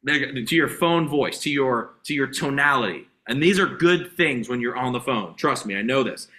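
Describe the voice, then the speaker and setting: A man coaching a sales team on a video call, talking in an energetic, hyped way with lots of repeated exhortations. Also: mid-range voice, normal speed. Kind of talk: motivational sales training talk.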